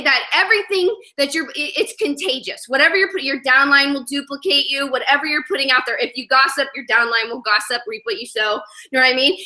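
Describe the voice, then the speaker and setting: Woman, 30s, motivational speaker, bright high voice, energetic, conversational. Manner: energetic, repeats "you know what I mean". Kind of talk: live motivational talk to an audience.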